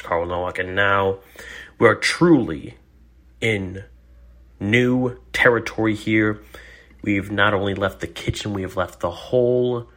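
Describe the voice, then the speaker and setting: Husky-voiced man hosting a solo podcast. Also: on the low side, a bit bright. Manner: earnest, encouraging, wry. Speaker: podcast host. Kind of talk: casual solo podcast commentary.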